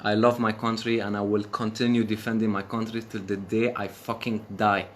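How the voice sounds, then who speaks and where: A man's voice: fairly low pitch, flat delivery, normal speed, slight background noise. A man from Syria on a live stream, speaking with passion, swearing and repeating phrases for emphasis. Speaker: livestream host. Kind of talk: emotional live stream rant.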